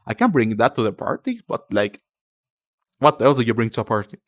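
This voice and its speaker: A lively male streamer with a mid-range voice chats casually on a live stream and reads the chat aloud. Spanish is his first language, so he speaks haltingly, searching for words. The sound is clean studio audio with no room sound.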